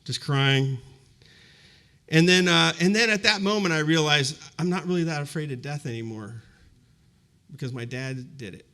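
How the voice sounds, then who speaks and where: Reflective man in his fifties, bright voice. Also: a little high, normal speed. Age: 50s. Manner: conversational and reflective, many fillers like "you know". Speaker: university presenter. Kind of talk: personal storytelling in a public talk. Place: university event before a live audience.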